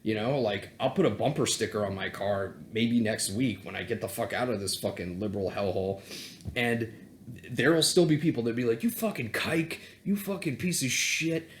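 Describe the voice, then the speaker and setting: A man's voice: fairly low pitch, fairly quick, slight background noise. A man on a vlog, ranting heatedly and sarcastically, with plenty of swearing. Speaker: self-help vlogger and coach. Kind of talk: unscripted profane political rant.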